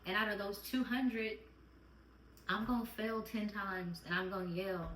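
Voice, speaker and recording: A woman's voice: mid-range voice, steady tone, measured pace, fairly bright tone, slight background noise. A woman vlogging as a mom, talking candidly and earnestly and repeating her phrases. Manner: earnest, repeats phrases, close to tears at times. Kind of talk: candid heartfelt chat. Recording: roomy and distant home recording.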